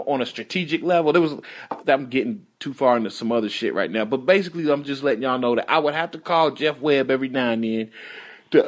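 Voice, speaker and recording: High-voiced man telling prison stories. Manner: profane, laughs often, acts out quotes. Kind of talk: casual podcast storytelling.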